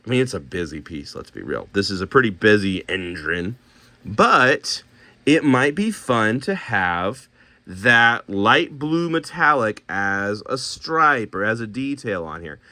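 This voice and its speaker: A man's voice: lowish voice, big pitch swings, a little slow, bright, forceful tone, no echo. A man casually thinking aloud as he shows paints and miniatures, talking himself through color choices with many restarts.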